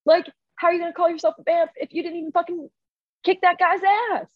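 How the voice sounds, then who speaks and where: A woman putting on a crowd of outraged villagers in a story, scolding in a voice pitched far above her usual one. The sound is dull and dry, with no room around it. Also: level tone, fast, no room sound. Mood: indignant. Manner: high, exasperated scolding.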